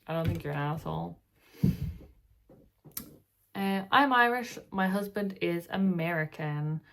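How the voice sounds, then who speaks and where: A tired woman with a lowish, creaky voice reads online posts aloud for her reaction channel, often stopping for casual, sighing remarks and breaking off to talk to her pet. Her tone is steady and a little slow, with slight background noise. She keeps it loose and chatty, like talking to friends late at night.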